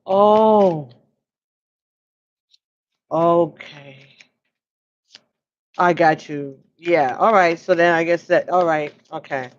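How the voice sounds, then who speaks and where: Slow, musing woman reading oracle cards. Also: lowish voice, lo-fi sound. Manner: slow, musing, pauses to listen. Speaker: oracle card reader. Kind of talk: livestream card reading.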